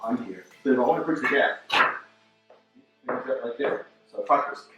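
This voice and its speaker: A man's voice: medium pitch, expressive, fairly quick, muffled recording. A man demonstrating martial arts moves, speaking in broken English and repeating words as he shows each move. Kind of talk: demonstration lesson. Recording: roomy echo, mic at a distance, faint music.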